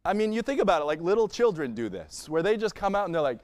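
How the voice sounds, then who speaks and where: A pastor preaching a sermon in a conversational style, acting out little scenes and laughing along the way. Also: male voice, fairly high pitch, big pitch swings, fast talker. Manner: conversational preaching with playful acted-out asides. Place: church sanctuary.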